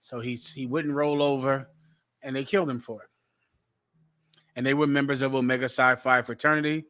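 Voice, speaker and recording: A man hosting a talk show, giving forceful preaching commentary and repeating phrases for emphasis. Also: medium pitch, steady tone, moderate pace, dry recording. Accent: American.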